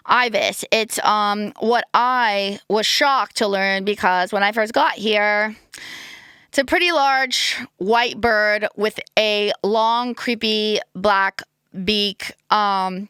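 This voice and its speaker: A woman's voice: mid-range voice, pushed and bright, clear, resonant tone, no echo, clean studio sound. A woman hosting a podcast, talking in a rambling, playful, self-deprecating comic monologue while slightly losing her voice. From United States. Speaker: podcast host. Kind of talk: casual comedic monologue.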